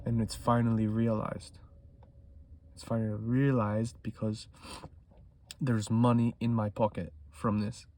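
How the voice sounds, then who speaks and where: His voice fairly low and level in tone, a man speaks a little slowly and pauses often. He's vlogging about trading in an intense monologue, swearing freely and moving between loud emphasis and hushed speech.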